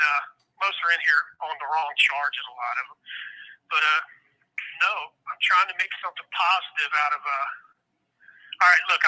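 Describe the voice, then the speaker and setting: A man's voice: on the high side, bright, forceful tone, low-quality recording. A middle-aged man from Ohio, a prison inmate guest on a phone interview, talking in a heated, profane and rambling way.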